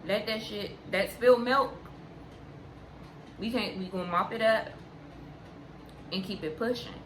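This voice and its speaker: Slow, frank young woman in a roomy space. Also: medium pitch. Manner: unhurried, frank, repeats points for emphasis. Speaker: vlogger. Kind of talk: candid casual chat to camera. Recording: roomy sound with steady background noise.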